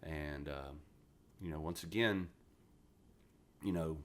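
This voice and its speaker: Low-voiced West Virginia man, 40s, gruff profane raconteur, podcast guest. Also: takes it slowly. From West Virginia, USA. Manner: blunt, profane, animated storyteller. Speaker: podcast guest, retired Marine. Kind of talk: casual interview storytelling.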